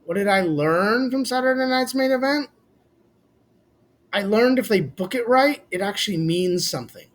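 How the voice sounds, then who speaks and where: Casual vlogger, male, high-pitched voice, blunt and opinionated, swears freely. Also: animated, moderate pace. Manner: blunt, swears casually, addresses fans as "boys". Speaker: wrestling commentary vlogger. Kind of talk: casual opinionated recap rant.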